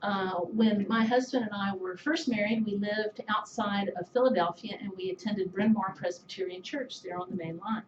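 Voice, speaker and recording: A middle-aged woman giving an anecdotal tribute speech, telling stories in a measured way with soft laughs. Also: medium pitch, fairly even intonation, background noise. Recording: echoey, slightly dull room recording.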